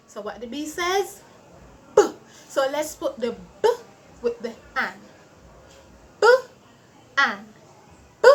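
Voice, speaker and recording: Animated woman teaching phonics to kids. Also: fairly high pitch. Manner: slow, drawn-out sounding out of letters. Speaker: early-reading teacher. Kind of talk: children's phonics lesson.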